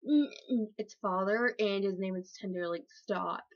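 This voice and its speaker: A woman plays a betrayed hen mother, bitter and dismissive, tossing off flippant, slangy sarcasm in a middle-pitched voice. The recording is a bit dull and lo-fi. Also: normal speed, natural voice. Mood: scornful.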